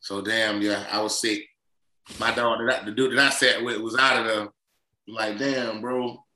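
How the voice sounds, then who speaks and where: A man, a former football player co-hosting a casual sports podcast, telling lively stories and acting out quotes. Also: normal speed, echoey room, rough recording. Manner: animated storyteller, acts out quotes in a higher voice, laughs often.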